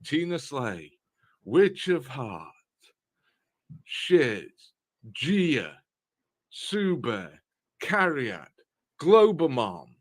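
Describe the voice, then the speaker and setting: A man's voice: mid-range voice, very animated, extremely slow, pauses often. A man on a livestream delivering a profane, mocking, confrontational rant.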